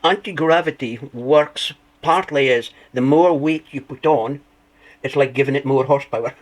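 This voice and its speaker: A man of average pitch talks as an interview guest, telling long winding stories. He restarts his sentences and grows animated as he recounts events. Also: normal speed, rough recording. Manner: rambling, with restarts and animated retelling. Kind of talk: conversational storytelling.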